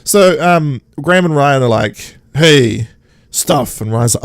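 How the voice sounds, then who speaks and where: A man hosting a podcast in casual chat, animated and sarcastic, often mimicking characters. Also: mid-range voice, a little slow, dry recording, clean studio sound. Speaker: podcast host.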